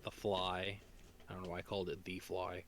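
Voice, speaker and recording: A man's voice: low voice, completely flat delivery, moderate pace, a bit bright, slight background noise. A man co-hosting a casual podcast, rambling, swearing freely, with a voice strained from singing. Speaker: podcast co-host.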